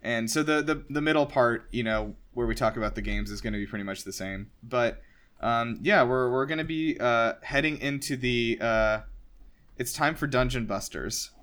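A man's voice: mid-range voice, moderate pace, fairly bright tone, clean tone. A young man hosting a casual podcast chat, rambling with many fillers and jokes. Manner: rambling, filler-heavy, joking. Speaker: podcast host.

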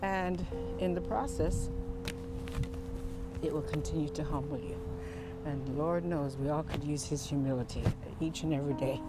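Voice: medium pitch, normal speed. A vlogger in casual devotional chat who sounds reflective and preachy and draws out key words for emphasis. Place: inside a moving car. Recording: road noise inside a car.

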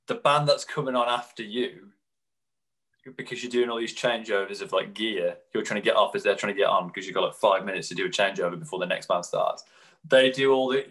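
Brief: male podcast co-host, lively storyteller, drops into quick impressions. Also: lowish voice, poor audio. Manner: animated storyteller, mimics people in quick put-on quotes. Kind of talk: casual chat.

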